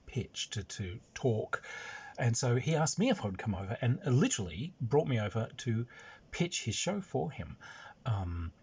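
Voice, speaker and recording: A Western Australian man tells a rambling, amused story, pitch rising and falling in a lively way. His voice is somewhat husky, and the recording sounds dull and lo-fi. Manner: rambling, amused, many fillers and restarts. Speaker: storyteller, screenwriter. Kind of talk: casual anecdote.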